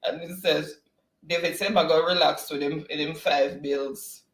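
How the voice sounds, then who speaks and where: A man's voice, pitched a little high, chatting and laughing while he reads out viewer comments on a trivia stream. The sound carries a roomy echo from a home desk mic. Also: a little slow. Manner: laughs often, animated and teasing. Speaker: co-host of an online trivia stream. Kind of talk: casual live-stream chat, reading viewer comments.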